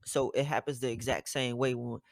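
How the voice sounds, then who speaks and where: A man co-hosting a podcast in casual chat, laid-back and slangy, getting animated when he makes a point. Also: mid-range voice, brisk, vocal fry, no echo. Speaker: podcast co-host.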